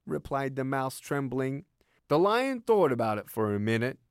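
A man telling a fable and its moral on a daily radio devotional, as a lively, expressive storyteller. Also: mid-range voice, moderate pace, clean tone, dry recording, studio quality. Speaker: ministry speaker.

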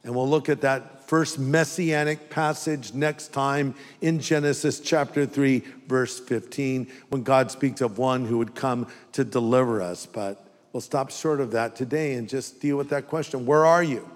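A man's voice: medium pitch, fairly even intonation, a little slow, big-room sound. An older man preaching a sermon in a church, talking to the congregation in a conversational way and acting out the voices he quotes. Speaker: pastor.

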